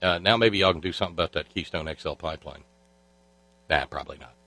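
A man's voice: low voice, quick pace, creaky, bright, forceful tone, low-quality recording. A man hosting a talk show, delivering sarcastic political commentary in a rambling way full of filler sounds. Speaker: radio talk show host.

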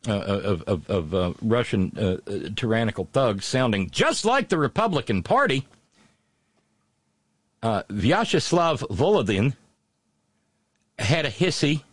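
A man riffing on the day's news with a sarcastic edge, his delivery halting and full of fillers and false starts. His voice sits at an ordinary middle pitch. The sound is dry and close, with no room around it. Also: dry recording. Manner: hesitant, many fillers and restarts, sarcastic. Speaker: political commentator. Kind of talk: casual news commentary.

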